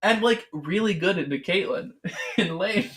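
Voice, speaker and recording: A man's voice: high voice, expressive, measured pace, fairly bright tone. A man co-hosting a casual esports podcast, rambling along with lots of "I mean" and "like.". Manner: rambling, full of fillers like "I mean" and "like". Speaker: podcast co-host. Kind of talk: casual chat about esports.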